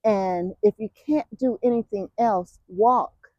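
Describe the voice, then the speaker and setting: A woman vlogger talking while out on a walk, reflective and emotional, with many fillers and pauses. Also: medium pitch, a little mellow, no room sound, dull audio. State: walking. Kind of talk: casual walking talk.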